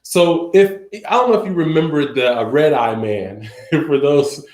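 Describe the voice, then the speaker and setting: This Southern American man speaks a little slowly in a fairly high, darkish voice with lively intonation as he lectures his sign language class. He keeps it conversational, drawing on everyday examples, and the recording has an echoey room sound.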